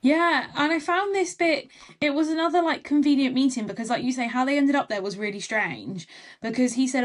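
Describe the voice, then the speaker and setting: A woman with a slightly raised pitch co-hosts a book podcast. She talks through the plot casually, quotes the characters, and keeps checking in with her co-host through tag questions. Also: brisk.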